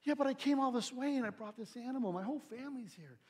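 A man's voice: very high voice, animated, fast talker, darkish tone, slightly rough, voice pushed up, exaggerated voice. A man voicing an anxious, earnest male worshipper who pleads and stammers in a retold sermon story. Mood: pleading. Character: eager anxious male worshipper bringing a lamb.

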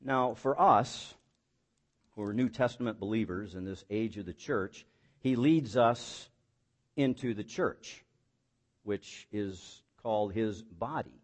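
A man's voice: lowish voice, takes it slowly. A man preaching a sermon as pastor, building emphatic points with rhetorical questions and folksy, self-deprecating asides.

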